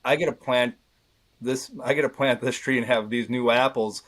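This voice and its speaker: A man's voice: medium pitch, fairly even intonation, normal speed, a bit bright. A man in his thirties, a podcast guest, speaking candidly and earnestly, often restarting his sentences. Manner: earnest, rambling with many restarts. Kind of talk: candid conversation.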